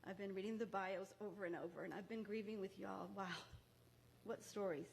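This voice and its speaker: A woman's voice: medium pitch, steady tone, a little fast, gravelly, a little hiss or hum. A woman speaking at a memorial ceremony in a museum, earnest and emotional, close to tears. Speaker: bereaved mother speaking as guest. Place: museum event room.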